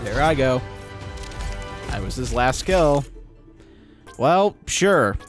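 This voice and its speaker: A man giving live gameplay commentary as a channel host, excitable, swearing and yelling at the game. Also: medium pitch, slow pace. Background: game music and sounds.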